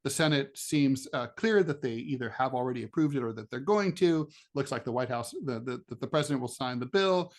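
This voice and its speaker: A man's voice: medium pitch, a little fast, hardly any pauses. A middle-aged man from the United States co-hosting a political podcast, talking in a chatty, sardonic way with many fillers and restarts. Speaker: podcast co-host, political cartoonist. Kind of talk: casual political chat.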